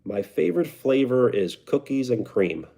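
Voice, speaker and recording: Chatty New York man, lively pitch. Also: normal speed, creaky. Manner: relaxed, chatty, answers viewer comments. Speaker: livestreamer. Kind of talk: casual live stream chat.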